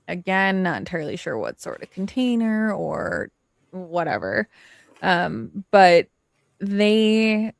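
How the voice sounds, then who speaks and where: A woman's voice: mid-range voice, no room sound. A woman co-hosting a casual livestream, talking in a chatty way with lots of fillers and reading out the chat. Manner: chatty, filler-heavy, reads chat aloud. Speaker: livestream co-host.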